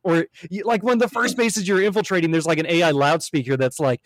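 Lively American male podcast co-host. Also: on the high side, fast, few pauses, no echo. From United States. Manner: animated, retells scenes in quoted voices. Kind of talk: casual podcast chat.

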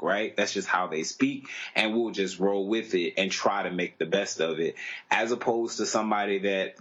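Low husky man, casual podcast talk. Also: fairly bright tone. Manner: earnest, rambling, restarts often. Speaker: podcast co-host. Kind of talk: casual discussion. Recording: dull lo-fi podcast audio.

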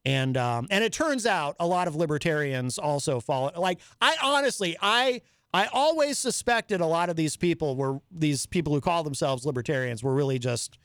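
A man's voice: a little high, lively intonation, moderate pace, fairly bright tone, smooth, no echo, clean studio sound. A man hosting a call-in talk show and delivering a rambling, opinionated monologue full of fillers and restarts. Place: New Hampshire.

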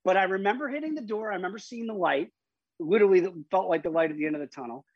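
A man with a husky, somewhat raspy voice tells a personal story to an interviewer, emphatic and full of restarts. The recording is dry and a little dull. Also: sits high, racing, no echo. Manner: vivid, emphatic retelling with frequent restarts. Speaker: interview guest.

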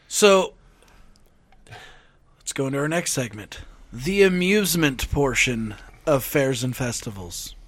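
A man hosting a podcast, telling stories in a casual chat and acting out other people's lines in a higher voice. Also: slow, long pauses, husky. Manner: animated, acts out quotes in a higher voice. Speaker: podcast host.

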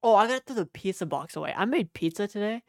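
A man's voice: sits high, animated, fast talker, gravelly, dry recording, studio quality. A young man co-hosting a podcast, chatting casually, joking and swearing as he rambles. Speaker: podcast co-host. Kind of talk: casual chat.

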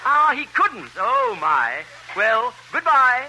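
A man doing 1930s radio comedy banter, chatty and giggly with quick asides. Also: very high voice, wildly swooping pitch, pushed and bright, a little hiss or hum, poor audio.

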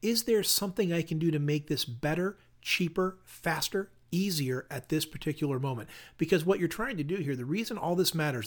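A middle-aged man hosting a solo podcast, coaching listeners on customer service in an upbeat, question-filled way. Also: fairly high pitch.

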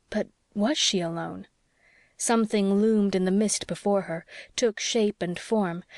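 A woman's voice: medium pitch, darkish tone, no echo, studio quality. Woman narrating a classic novel. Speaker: audiobook narrator. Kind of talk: scripted narration.

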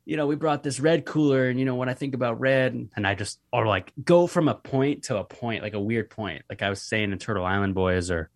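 A man's voice: lowish voice, fairly quick, hardly any pauses, no echo, clean studio sound. A young man, a guest on a podcast, chatting in a loose, rambling way with lots of fillers and the odd curse word. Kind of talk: casual podcast conversation.

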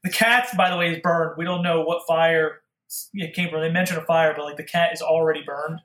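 A man co-hosting a casual movie podcast, excitable and quick to laugh. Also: fairly high pitch, echoey room. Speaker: podcast co-host.

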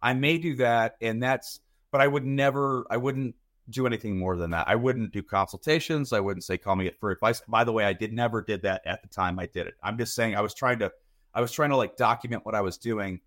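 A man's voice: medium pitch, a little fast, fairly bright tone. A man in his thirties, a podcast guest talking casually and rambling, often repeating words as he thinks. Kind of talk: casual chat.

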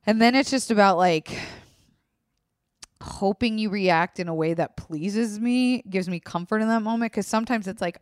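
A woman's voice: mid-range voice, moderate pace, no room sound, clean studio sound. A woman hosting a podcast, speaking frankly and emotionally about her own life, swearing freely and acting out her own quoted thoughts. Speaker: podcast host. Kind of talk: candid casual podcast talk.

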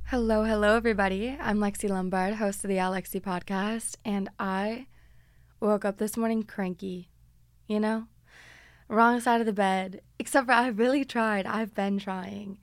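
A woman's voice: medium pitch, steady tone, moderate pace, no room sound, clean studio sound. A young woman hosting her podcast, talking in a chatty, confiding, self-deprecating way, with stretches of upbeat sponsor reads. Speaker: podcast host. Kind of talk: casual podcast monologue with read ads.

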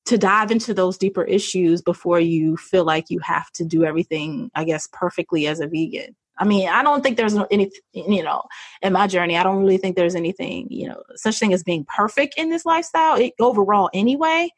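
A woman's voice: mid-range voice, fairly quick, breathy edge, dry recording. A woman guest candidly telling a personal story, chatty, laughing often and acting out what people said. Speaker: podcast guest.

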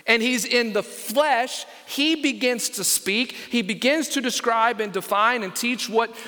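A male pastor delivers a sermon with a high, bright and forceful voice. He is emphatic and keeps turning to his listeners with questions. The sound carries the long reverb of a large church sanctuary. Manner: emphatic preaching, asks the congregation questions. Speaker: senior pastor.

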